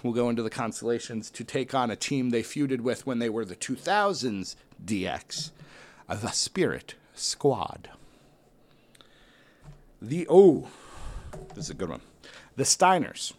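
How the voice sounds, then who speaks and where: A man casually commentating and thinking aloud while ranking tag teams, weighing options with excited outbursts and playful asides. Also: medium pitch. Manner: self-deprecating, playful asides. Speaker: host ranking a wrestling tag team bracket.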